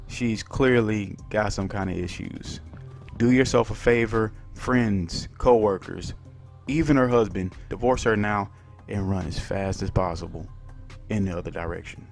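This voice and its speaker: A man's voice: fairly low pitch, moderate pace, vocal fry, faint music behind. A man hosting a commentary channel, reacting to a clip with a mocking, profane manner.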